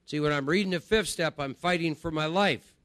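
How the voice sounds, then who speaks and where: A man's voice: fairly high pitch, fairly quick, a bit bright, no echo, clean studio sound. A middle-aged man gives a conversational spiritual recovery talk to a group, often checking in with "right?". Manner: conversational, repeats phrases and asks "right?". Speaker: recovery speaker.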